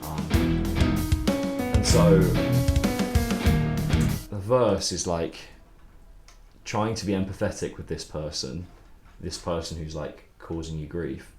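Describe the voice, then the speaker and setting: A man's voice: deep voice, takes it slowly, pauses often, reverberant, loud music behind the voice. A young man who writes songs, chatting loosely during a stream, rambling and swearing with frequent laughs. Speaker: songwriter streaming his writing process. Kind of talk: casual livestream chat.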